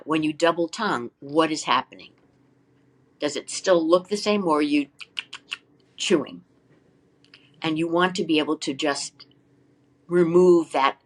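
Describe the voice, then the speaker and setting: An older woman, a flute teacher, speaks as a guest in an interview. She explains practice methods in a lively way, asks many rhetorical questions, and sings short syllables to demonstrate. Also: low voice.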